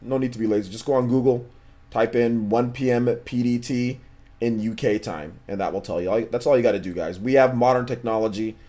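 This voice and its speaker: This gaming livestream host has a warm, medium-pitched voice and speaks a little fast. Relaxed and slangy, he answers viewers in casual chat and often repeats what he says.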